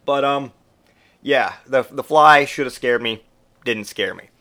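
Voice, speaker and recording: Man, podcast host, profane, rambling, animated, recovering from a cold. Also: mid-range voice, measured pace. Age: adult parent who grew up in the eighties. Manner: profane, rambling and animated, with mock voices for quotes. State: getting over a cold, coughing. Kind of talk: casual comedic monologue.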